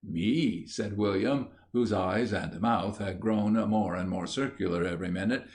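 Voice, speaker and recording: A man's voice: fairly low pitch, unhurried, close to an everyday voice. A man voicing an amazed schoolboy who stammers in disbelief. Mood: astonished. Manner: stammering, dumbstruck. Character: astonished scruffy schoolboy.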